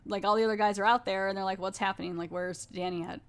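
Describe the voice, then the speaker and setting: A woman's voice: mid-range voice, steady tone, quick pace. A woman podcast host casually recapping a TV episode, chatty and full of fillers and restarts.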